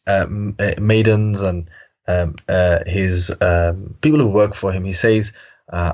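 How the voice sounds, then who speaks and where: A man's voice: deep voice, steady tone, unhurried, muffled recording. A man telling a story in reflective conversation, hesitant and full of fillers and restarts.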